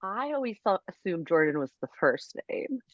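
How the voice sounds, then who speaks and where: A woman's voice: fairly low pitch, big pitch swings, normal speed, no echo. A woman who is a guest on a podcast, teasing the hosts and laughing often during casual chat. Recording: dull, lo-fi sound.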